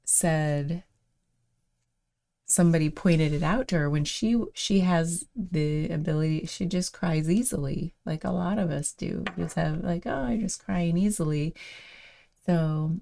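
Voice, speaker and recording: A woman with a low, mellow voice and a gravelly edge talks through a reflection at her own pace. She meanders, leans on fillers and breaks into soft laughs. It sounds like a casual spoken reflection by the host of a daily show. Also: measured pace.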